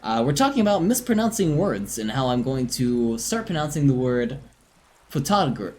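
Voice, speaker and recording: A game streamer chatting casually on a live stream, self-mocking and quick to laugh, between stretches of reading game text aloud. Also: mid-range voice, very animated, darkish tone.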